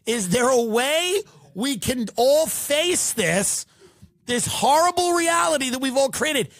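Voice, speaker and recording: A man's voice: extremely high pitch, lively intonation, slow pace, a bit bright, dry recording, studio quality. A man hosting a podcast, delivering a mocking comedic rant and swearing freely. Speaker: podcast host.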